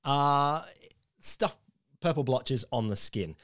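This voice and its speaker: A man from Australia hosts a relaxed podcast chat, reading out old terms for his co-hosts to guess. He laughs easily and stumbles through ums and restarts. His voice sits at an ordinary middle pitch. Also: takes it slowly, no room sound, clean studio sound. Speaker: podcast co-host quizzing the others. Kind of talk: casual comedic chat.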